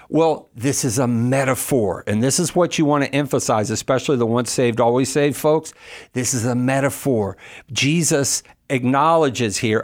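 Emphatic man explaining scripture. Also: medium pitch. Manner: emphatic, explanatory, quick asides. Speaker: apologist answering callers. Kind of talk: call-in radio talk.

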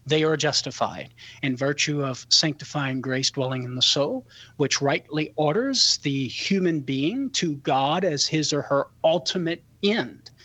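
Male radio expert, slightly high, husky voice, dry studio, measured explaining. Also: fairly bright tone, dry recording. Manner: careful, explanatory. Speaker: radio show guest expert. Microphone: studio microphone.

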